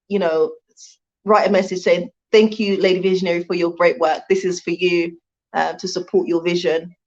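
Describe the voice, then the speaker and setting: Her lowish voice comes through a muffled recording as this Jamaican-born woman runs a casual livestream from her Rwandan home. Chatty and warm, she reads viewer comments, laughs often, and thanks everyone for tuning in.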